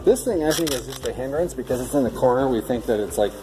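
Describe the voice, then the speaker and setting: A man's voice: mid-range voice, expressive, fast talker, rough recording. Joking, cursing storage-unit hunter man. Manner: joking, swears freely, thinks aloud. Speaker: storage unit buyer and vlog host. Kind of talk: casual unboxing commentary. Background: background music.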